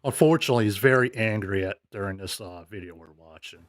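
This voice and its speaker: A man's voice: lowish voice, quick pace, no echo, studio quality. A man hosting a show, commenting casually on played clips in a hesitant, laid-back way with many fillers. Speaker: show host reviewing clips.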